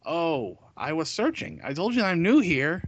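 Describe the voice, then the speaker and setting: A man's voice: on the high side, big pitch swings, normal speed, no echo, muffled recording. A man co-hosting a casual talk show, reading a news story aloud with stumbles and jokes. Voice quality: stumbling, joking over words. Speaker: podcast co-host.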